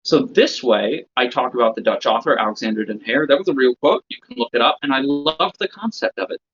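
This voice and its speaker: Heard on a slightly dull, lo-fi recording, this man has an expressive, husky, mid-range voice that's fairly bright and a little fast. He's lecturing fellow magicians, explaining a routine step by step and checking in with them as he goes.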